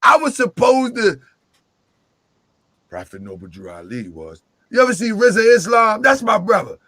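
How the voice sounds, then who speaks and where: A man telling a long, jokey story in lively chat, acting out the voices he quotes. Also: sits high, normal speed, no echo.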